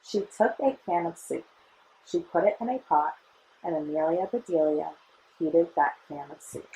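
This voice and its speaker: A young woman in her early twenties reads a children's picture book aloud, telling the story in a clear, expressive way. Her voice is low and husky, and her pitch moves a lot. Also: moderate pace.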